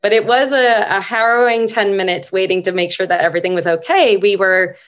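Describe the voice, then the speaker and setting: A middle-aged woman, a podcast guest, telling stories at an unhurried, reflective pace in a casual interview. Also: mid-range voice, fairly even intonation, a bit bright.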